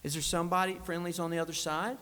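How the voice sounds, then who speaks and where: A man's voice: on the high side, little pitch movement, fast talker, bright, forceful tone, clean tone. Lawmaker, male, earnest speech, reverb from the large chamber. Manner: earnest storytelling, emotional. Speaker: state legislator. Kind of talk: farewell speech. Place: legislative chamber.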